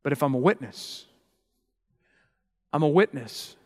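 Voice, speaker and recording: A man preaching a sermon as pastor, emphatic and building to loud, passionate peaks. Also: fairly high pitch, expressive, measured pace, big-room sound.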